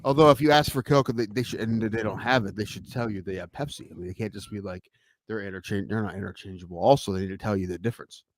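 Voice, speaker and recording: A man co-hosting a casual comedy podcast, ranting with swearing and restarts, swinging between loud outbursts and mutters. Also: on the low side, fast talker, dry recording. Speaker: podcast co-host.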